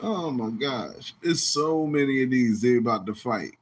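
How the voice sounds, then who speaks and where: A man's voice: unhurried, a little hiss or hum. A man hosting a podcast, ranting casually and animatedly. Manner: animated, laughs often, mimics others in high shouting voices. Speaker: podcast host.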